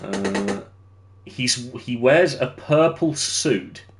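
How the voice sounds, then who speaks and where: A man's voice: mid-range voice, expressive, very slow. A young man streaming a game, chatting with viewers while he builds and laughing easily. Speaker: livestreamer. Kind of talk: casual gameplay commentary.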